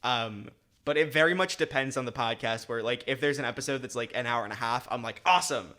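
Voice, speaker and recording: A man's voice: medium pitch, fast talker, sharp tone. A young man hosting a podcast, chatting casually and rambling, often correcting himself mid-sentence. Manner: rambling, self-correcting, upbeat. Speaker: podcast host. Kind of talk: casual chat.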